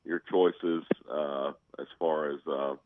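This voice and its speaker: A man calling in to a sports show, telling stories in a chatty, animated way over a phone line. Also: very deep voice, slow, dry recording. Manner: storytelling, animated, laughing. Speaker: caller, fan. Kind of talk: casual chat.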